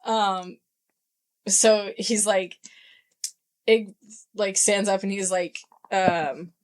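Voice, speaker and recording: A woman chatting at a book club, retelling scenes in quick quoted dialogue with plenty of swearing. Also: medium pitch, steady tone. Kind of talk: casual book club chat.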